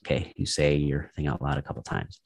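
Man, podcast guest, extremely low voice, dry recording, casual rambling talk. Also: brisk, vocal fry, dry recording. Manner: relaxed, rambling, many "like" fillers. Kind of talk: casual conversation.

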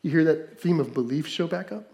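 Preaching man with a high, rising voice. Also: vocal fry. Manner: preaching with swings from loud emphasis to hushed, slow lines. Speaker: pastor. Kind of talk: sermon.

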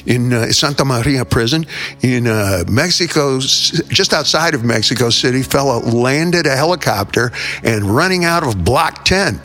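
An older man hosts a show, delivering a rambling comic monologue of theatrical, self-mocking jokes that wander off topic. His mid-range voice has lively intonation and a bit of brightness, at normal speed, with soft music in the background.

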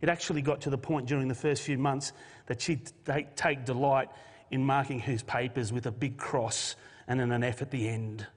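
A man's voice: medium pitch, steady tone, normal speed. Pastor, male, earnest emotional sermon delivery in a reverberant hall. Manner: earnest, emotional, with restarts and shifting emphasis. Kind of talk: Christmas sermon with a read story.

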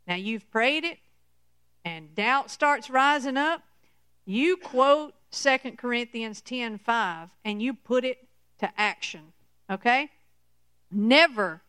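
A woman preaching a sermon in a slow, emphatic teaching manner, often checking in with "okay?". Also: fairly high pitch, a bit bright, clean tone, dry recording.

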